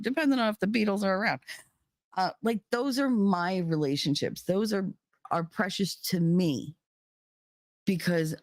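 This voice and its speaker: A livestream host talking in a casual monologue, earnest and emphatic, with many fillers and key words stretched out slowly. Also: medium pitch, dry recording.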